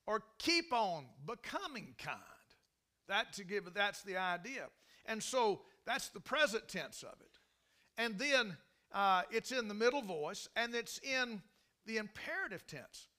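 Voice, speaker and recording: A man's voice: high voice, sing-song, unhurried, pushed and bright. A man preaching a sermon in a folksy, emphatic way, often restarting his sentences. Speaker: pastor.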